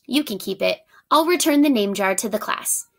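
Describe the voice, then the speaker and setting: A woman's voice: on the high side, expressive, moderate pace, vocal fry. A woman reading aloud and voicing a kind young schoolboy who speaks hesitantly, a little embarrassed. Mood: sheepish.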